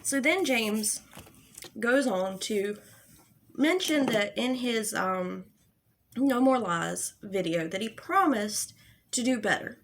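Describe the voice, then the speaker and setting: A young woman with a fairly high voice rants in an exasperated, sarcastic commentary. She swears freely and sounds fed up. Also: lively intonation, slow, a little hiss or hum. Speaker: commentary YouTuber. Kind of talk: angry commentary rant.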